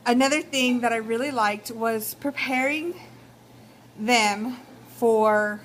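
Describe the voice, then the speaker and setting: A young Texan woman with a slightly high voice chats casually to the camera, full of ums and you-knows as she gives advice. Faint background noise sits under her voice. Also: takes it slowly, poor audio. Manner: chatty, many fillers like um and you know. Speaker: vlogger.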